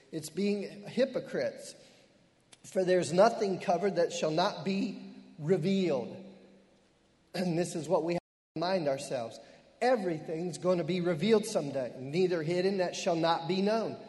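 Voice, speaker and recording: A middle-aged man preaching a fervent sermon as pastor, sprinkling in amens and hallelujahs and slowing down hard on key phrases. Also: sits high, a little mellow. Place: church. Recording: long reverb of a church hall.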